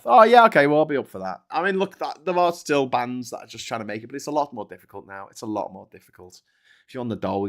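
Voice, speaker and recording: A man's voice: on the low side, fairly bright tone. A man hosting a live stream, chatting casually, joking, swearing freely and reading out viewer comments. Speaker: livestream host.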